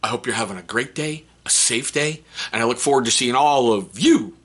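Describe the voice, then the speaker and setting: Bright, husky-voiced middle-aged man vlogging. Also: medium pitch, fairly quick. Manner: rambling, self-mocking, restarts sentences. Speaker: vlogger, stepfather. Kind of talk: casual talk to camera.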